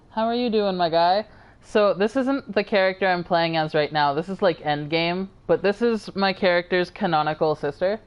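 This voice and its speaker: A woman's voice: mid-range voice, clean tone, highs cut off. A tired woman streamer chatting casually and rambling to her viewers while she plays a game. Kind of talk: casual live-stream chat.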